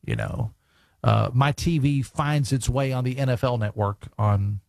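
A man's voice: mid-range voice, measured pace, creaky, darkish tone, no echo, studio quality. A man hosting a radio talk show, chatting casually with folksy jokes and lots of fillers, reading listener texts. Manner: chatty, folksy, joking asides with many fillers. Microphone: studio microphone.

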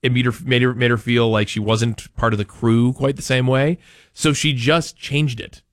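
A Maine man hosts a talk radio show, rambling chattily and cracking jokes at every turn. His mid-range voice is steady in tone, recorded dry and studio-clean on a studio microphone.

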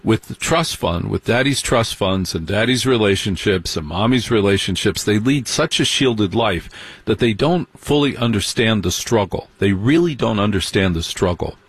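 A man telling a long comic story in stand-up style, sardonic and animated, with mocking asides. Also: fairly low pitch, normal speed, slightly rough, no echo. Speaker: comedian.

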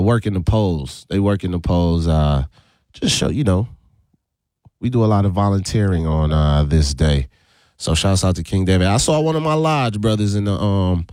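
A low-voiced man hosts a relaxed radio chat. He draws out his words and laughs easily. He is recorded close and dry in a studio. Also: no room sound. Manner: laid-back, drawn-out, laughs often. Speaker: radio show host. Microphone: studio microphone.

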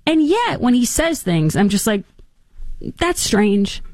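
A woman in her thirties hosting an opinionated talk show, animated and mocking in her delivery. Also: on the high side, takes it slowly, dry recording, clean studio sound. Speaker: host.

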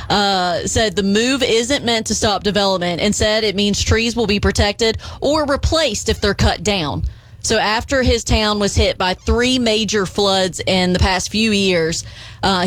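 A woman co-hosting a morning radio show, chatting and reading out news items. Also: medium pitch. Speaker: radio co-host. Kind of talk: casual morning radio banter.

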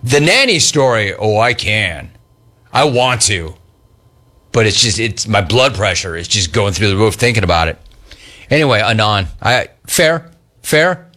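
Bright-voiced teasing male show host. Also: on the low side, expressive, measured pace. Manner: teasing, mocking repetition. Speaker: talk show host reading listener messages. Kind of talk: casual live show banter.

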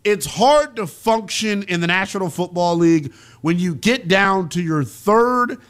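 A man's voice: high-pitched, animated, unhurried, a bit bright, smooth. A man hosting a call-in sports radio show, talking bluntly in loose slang.

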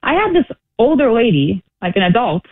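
A woman calls into a radio show and tells her story with animated energy. Her high voice swings widely and arrives over a tinny phone line. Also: a little fast, dry recording. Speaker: caller.

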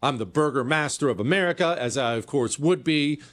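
A middle-aged man holding forth as a talk radio host. His pitch swings widely from low grumbles to high incredulous peaks, and he fires off sarcastic rhetorical questions in an opinionated monologue. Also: lively intonation, a little fast, fairly bright tone.

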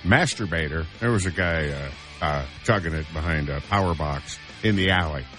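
A man hosting a morning radio show, chatting casually in a deadpan way about the news and emails. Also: extremely low pitch, normal speed, soft background music. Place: radio studio.

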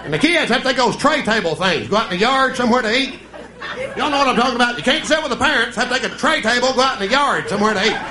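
A man's voice: very high voice, animated, racing. A man in his thirties with a Southern US accent doing folksy live stand-up comedy. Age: 30s. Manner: folksy storytelling, drawling. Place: comedy stage before a live audience. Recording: echoey live stage with crowd laughter.

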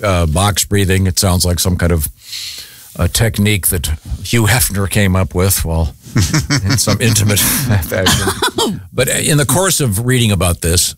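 Low-voiced joking radio host. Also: male voice, animated, unhurried. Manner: joking, rambling with restarts and laughs. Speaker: radio morning show host. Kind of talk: casual radio banter.

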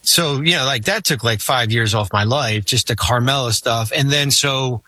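A man spins a long anecdote in casual podcast chat, circling back and restarting his sentences as he goes. His voice is bright and forward, with a close, dry sound and no room around it. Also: mid-range voice, moderate pace, no room sound. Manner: rambling, animated, many fillers and restarts. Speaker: former team executive telling stories.

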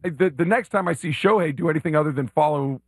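Casting: emphatic sports talk co-host, gravelly and fairly high, dry close sound. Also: male voice, fast, no room sound. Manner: emphatic, repeats words, jokey impressions. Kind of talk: casual sports talk chat.

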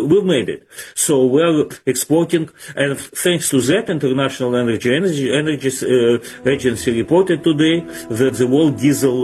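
A man being interviewed as an economist guest, speaking haltingly with many fillers and restarts. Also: mid-range voice, a little mellow. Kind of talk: radio interview answers.

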